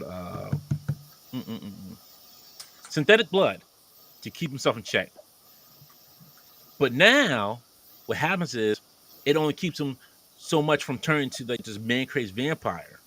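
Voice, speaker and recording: A man's voice: medium pitch, sharp tone. A man casually retelling a movie plot as a podcast co-host, acting out the characters' lines as he goes.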